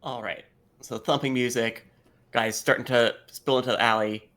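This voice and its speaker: A man playing a tabletop role-playing game, narrating his character's actions in a laid-back, halting way. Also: medium pitch, fairly even intonation, fairly bright tone. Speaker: player.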